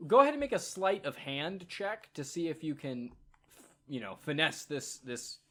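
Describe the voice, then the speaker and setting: A man's voice: fairly high pitch, sing-song, fairly bright tone. Casual male game master narrating. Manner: casual, halting narration with fillers.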